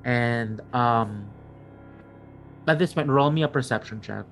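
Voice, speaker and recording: Halting, gravelly man running a game. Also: medium pitch, fairly bright tone, soft background music. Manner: halting, many restarts and fillers while describing scenes. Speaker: game master. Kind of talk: narrating a tabletop game.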